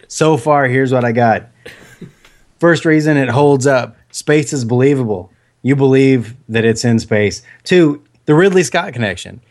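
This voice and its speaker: An American man hosting a film podcast, casually listing his reasons and joking along the way. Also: medium pitch. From United States. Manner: relaxed, listing points, joking.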